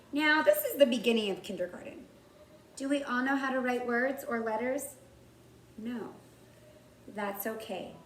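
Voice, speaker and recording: A woman's voice: a little high, slight background noise. A woman kindergarten teacher giving a writing lesson to young children, patiently sounding out words. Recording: roomy, from far off the mic, faint background ambience.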